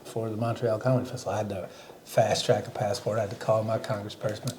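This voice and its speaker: A man's voice: on the low side, level tone, fast, a little mellow, slight background noise. A male comedian co-hosting a casual podcast, who talks in a blunt, sarcastic and profane way.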